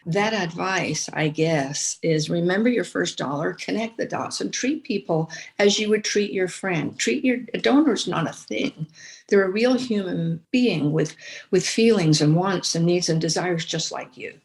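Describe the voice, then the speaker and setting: An older woman from the United States, a veteran fundraiser, telling lively stories in a podcast interview with frequent restarts. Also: on the low side, a little slow, vocal fry. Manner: storytelling, animated, many restarts and repeated words. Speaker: guest, former chief fundraiser.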